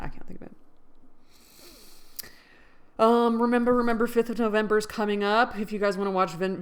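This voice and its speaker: A book vlogger with a fairly low, clean-toned voice chats casually, musing out loud, questioning herself, and making playful jokes at her own expense.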